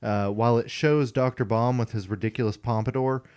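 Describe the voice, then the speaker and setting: A man's voice: medium pitch, steady tone, brisk, a little mellow, clear, resonant tone. A man co-hosting a casual unboxing chat, offering trivia and history in an informative way. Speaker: co-host.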